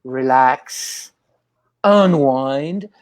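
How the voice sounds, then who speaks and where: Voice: mid-range voice, extremely slow, clean tone, no room sound. A guest in a casual interview, telling rambling anecdotes and acting out the voices of people in the stories. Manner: acts out quoted voices.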